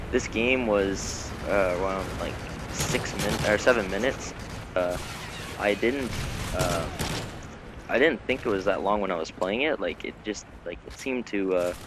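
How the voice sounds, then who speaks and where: Teen male gamer, low-pitched, relaxed commentary, game gunfire clear behind. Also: a little slow. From Canada. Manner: laid-back, many ums and uhs. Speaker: gaming commentator. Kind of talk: casual gameplay commentary. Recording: gunfire noise from game audio.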